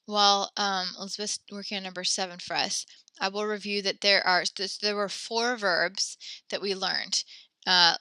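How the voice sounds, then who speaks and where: A woman teaching a French class over a video call, patient and encouraging, reading sentences slowly and praising her students. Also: medium pitch, fairly even intonation, pushed and bright, smooth, dry recording.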